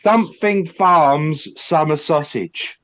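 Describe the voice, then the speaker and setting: A man's voice: a little high, takes it slowly, a bit bright. English male guest, teasing and crude, muffled call audio. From England. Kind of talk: casual livestream banter.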